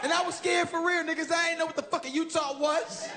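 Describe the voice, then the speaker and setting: A man from Chicago doing a loud stand-up routine on a club stage, switching into acted-out voices. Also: extremely high pitch, fairly even intonation, fast. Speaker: stand-up comedian. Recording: loud crowd laughter and noise. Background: laughing crowd.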